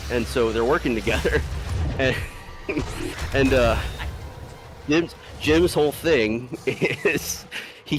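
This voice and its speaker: Man, casual storytelling, middling pitch, rambling, swears a lot, laughs often. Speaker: streamer telling a story to friends.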